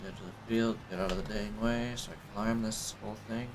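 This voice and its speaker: A man giving casual, low-key commentary as he plays a farming game, often muttering to himself. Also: fairly even intonation, brisk, few pauses, over music. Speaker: streamer playing a farming game.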